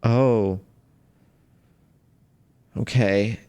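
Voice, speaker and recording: A man with a fairly low voice streams a video game and thinks out loud as he works through a puzzle. He chuckles now and then and lets his sentences trail off. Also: fairly even intonation, drawn-out words, clean tone. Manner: musing aloud, chuckling, trailing off. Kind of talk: casual gameplay commentary.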